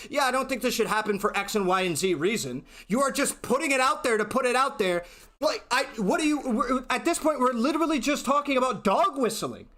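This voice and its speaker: A man's voice: extremely high pitch, fairly bright tone. A man streaming live, ranting in an exasperated, profane way, often restarting his sentences. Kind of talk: heated livestream rant.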